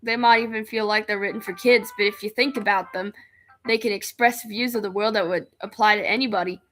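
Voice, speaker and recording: A woman's voice: medium pitch, fairly even intonation, a little fast, fairly bright tone, close to an everyday voice. Girl doing a confident club president lady, fake british accent that slips into aussie, reassuring and a bit teasing, faint music under it. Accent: attempted British that comes out Australian-sounding. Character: poised, encouraging young woman club president. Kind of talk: reading game dialogue aloud.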